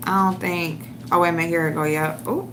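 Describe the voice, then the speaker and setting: A woman's voice: on the low side, steady tone, fast, noisy background. A woman hosting an online show, ranting and mocking someone with heavy profanity while she looks for a clip to show her viewers. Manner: profane, mocking, trash-talking. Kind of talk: ranting commentary livestream.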